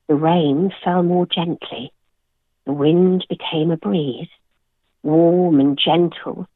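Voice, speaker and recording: A woman therapist reads her own poem in a gentle, measured voice, very slowly. The sound is dry and narrow over a phone line. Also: low-pitched, dry recording. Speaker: therapist and author. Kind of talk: interview guest reading her own poem.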